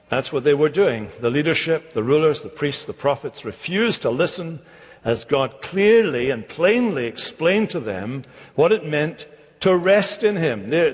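Scottish man preaching, husky voice. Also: fairly high pitch, long reverb tail. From Scotland. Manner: emphatic, repeats words for effect, mimics mocking voices. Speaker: pastor. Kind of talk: sermon. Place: church.

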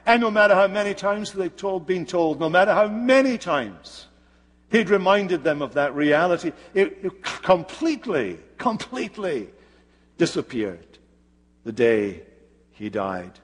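Male preacher, slightly high voice, slow dramatic sermon delivery, reverberant hall. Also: animated. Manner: slow, dramatic storytelling with pauses.

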